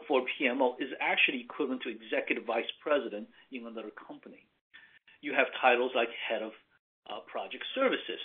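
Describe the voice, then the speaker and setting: A man presenting on management roles in a measured, emphatic way, pausing with fillers. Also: medium pitch. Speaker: consulting firm executive presenting. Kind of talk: webinar presentation. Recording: tinny phone-like line.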